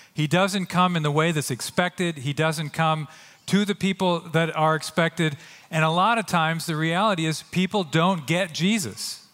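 A man preaching a sermon as pastor, earnest and animated, often acting out quotes. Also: a little high, long reverb tail. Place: church sanctuary.

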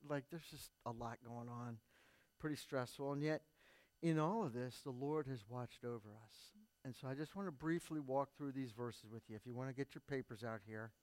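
A man's voice: medium pitch, normal speed, dry recording. Earnest man telling a sermon story. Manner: earnest storytelling, quoting others in lively voices. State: recovering from tongue surgery. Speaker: pastor. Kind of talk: sermon testimony.

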